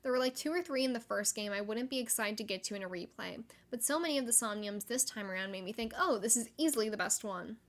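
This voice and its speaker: A young woman hosting a solo gaming podcast, chatty and excitable, with frequent likes and laughter. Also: fairly high pitch, quick pace, hardly any pauses. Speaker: podcast host.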